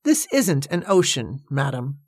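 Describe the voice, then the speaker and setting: A gruff old boatman, stooped and gray-bearded, who mutters short stubborn answers through clenched teeth, as a woman reads him aloud. The voice sits low and slow, and the recording is close and dry with no room sound. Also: very animated, darkish tone, no echo, exaggerated voice. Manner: gruff, mumbling, few words.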